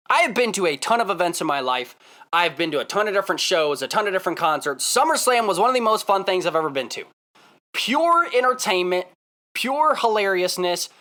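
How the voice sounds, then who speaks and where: A vlogger, an excitable man, tells a story directly to the camera with a bright, forceful voice whose pitch jumps up and down. He hammers the same point again and again with emphatic repetition.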